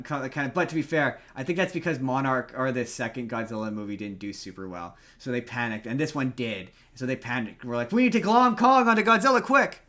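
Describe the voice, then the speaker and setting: A man co-hosting a podcast in casual chat, arguing his points in an animated way with lots of stammered restarts. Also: mid-range voice. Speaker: podcast co-host.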